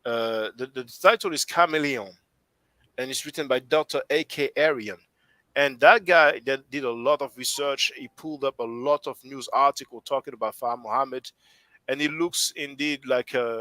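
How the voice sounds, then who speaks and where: French-accented male stream host, bright tone, thinks aloud with frequent restarts. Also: medium pitch, normal speed, no echo, low-quality recording. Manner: rambling, restarts often while thinking aloud. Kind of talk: casual discussion on a live stream.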